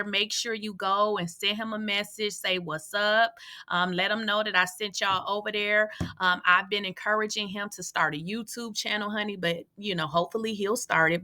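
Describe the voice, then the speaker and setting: Bright-voiced sassy woman blogger. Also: mid-range voice. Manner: blunt, sassy, addresses viewers directly. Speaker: celebrity gossip blogger. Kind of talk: opinionated commentary vlog. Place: room at home.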